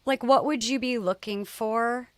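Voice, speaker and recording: A woman in her forties co-hosts a casual podcast, expressive and emotionally open in her reactions. Her voice sits fairly high, recorded close with a dry, deadened sound. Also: a little slow, no echo. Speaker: podcast co-host.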